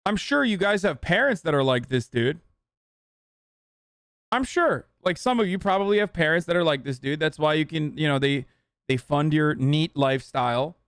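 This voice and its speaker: A man tears into a video in a profane, mocking rant, his voice sitting fairly high. The sound is dry and close to the mic. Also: animated, normal speed, a bit bright, clean tone, no room sound. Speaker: political commentator streamer reacting to a clip. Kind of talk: heated live-stream commentary.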